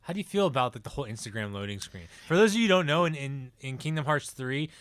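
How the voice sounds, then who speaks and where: A man talking in easy podcast chat, his voice bright and crisply clear. He gets animated, putting on goofy voices for the characters he quotes. The sound is close and dry. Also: medium pitch, fast, no echo. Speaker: podcast co-host. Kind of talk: casual chat.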